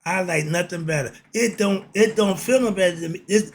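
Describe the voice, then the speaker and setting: A man's voice: high voice, brisk, a little hiss or hum. A man hosting a casual political monologue, blunt and streetwise, asking himself "why?" and answering. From United States. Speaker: commentary channel host.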